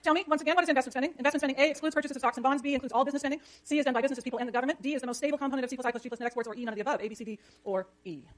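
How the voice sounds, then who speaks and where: A woman lecturing an economics class, brisk and jokey, scolding the chatter when it gets too loud. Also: high-pitched, fairly even intonation.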